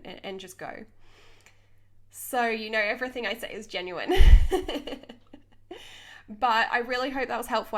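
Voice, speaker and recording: A young woman speaks off the cuff as a podcast host and coach, earnest and full of passion. Her voice sits at an ordinary middle pitch for a woman, and she breaks into quick laughs between thoughts. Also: a bit bright. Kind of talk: unscripted motivational podcast monologue.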